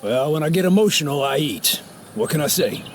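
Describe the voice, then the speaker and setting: Game role: a gruff, fatherly trucker; a somewhat high, lively voice, music underneath. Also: fairly quick. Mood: friendly. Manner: fatherly, calls the player young blood. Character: gruff protective male trucker, hot-tempered. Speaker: game character. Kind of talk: video game voice acting. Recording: game audio with music behind.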